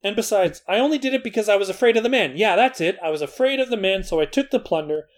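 A man's voice: high-pitched, animated, fast. A man voicing a defensive ancient king who stammers and pleads his way through excuses. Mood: pleading defensive. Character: whiny excuse-making ancient king, male adult.

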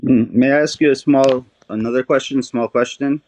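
A man's voice: mid-range voice, fairly even intonation, normal speed, darkish tone. A man in his thirties, a caller on a podcast, answering questions hesitantly with many fillers. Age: 30s. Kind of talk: casual interview answers.

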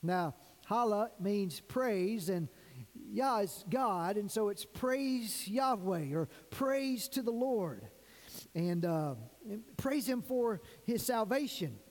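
High-voiced preacher in a reverberant hall. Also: male voice, expressive. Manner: preaching with emphatic, drawn-out stresses. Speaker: pastor. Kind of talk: sermon. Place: church sanctuary.

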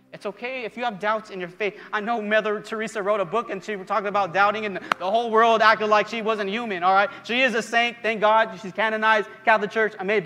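Male pastor, impassioned sermon, high voice, long church reverb, faint music. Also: pushed and bright. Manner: impassioned, repetitive preaching with rising emphasis. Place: church service, live-streamed.

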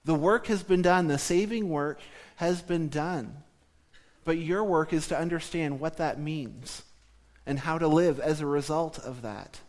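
A man from southern Ontario preaching a sermon, speaking in a measured teaching tone that slows down for emphasis. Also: fairly high pitch, darkish tone.

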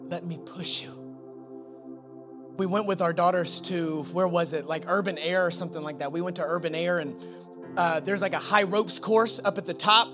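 A young adult man preaching a sermon as pastor, animated, moving between loud urging and hushed intensity. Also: sits high, brisk, music in the background.

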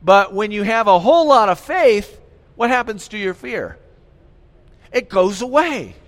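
Male pastor, animated sermon, high voice, long hall reverb. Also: unhurried. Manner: animated, asks the congregation questions.

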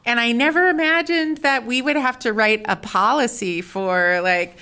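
A woman's voice: a little high, moderate pace, pushed and bright. A middle-aged woman co-hosting a podcast, talking earnestly and with enthusiasm in casual chat. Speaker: podcast co-host.

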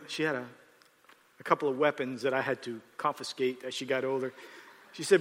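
A man's voice: medium pitch, steady tone, a little fast, pauses often, a bit bright. An older man telling a family anecdote in a folksy, chuckling way. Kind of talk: casual storytelling. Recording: long hall reverb.

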